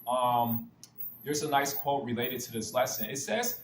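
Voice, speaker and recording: A man's voice: medium pitch, a little slow. Man, earnest spiritual talk, restarts and stock phrases, roomy echo, faint background hum. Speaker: spiritual speaker. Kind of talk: spiritual talk with Bible stories.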